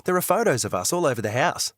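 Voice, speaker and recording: A man narrating a first-person audiobook in an expressive, bitter, candid way. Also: fairly high pitch, quick pace, no echo, clean studio sound.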